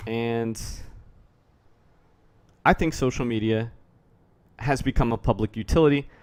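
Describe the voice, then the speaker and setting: A man's voice: medium pitch, unhurried. Man, commentary rant, sardonic, profane, rambling, casual. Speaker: YouTube commentator.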